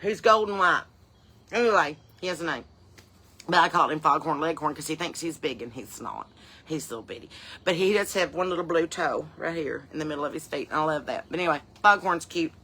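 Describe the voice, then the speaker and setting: A woman playing a sassy, bright-voiced porch mom. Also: low voice, brisk, a little hiss or hum. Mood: rambling. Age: middle-aged. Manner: rambling, sassy, folksy ranting. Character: sassy chain-smoking Southern mom on her porch. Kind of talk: comedy character monologue.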